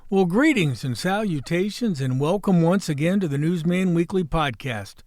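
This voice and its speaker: Man, sixties, podcast host, hoarse, folksy wisecracks, salty language, fairly high pitch. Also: lively intonation, normal speed, darkish tone, no echo, studio quality. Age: 60s. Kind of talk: opening monologue and casual chat.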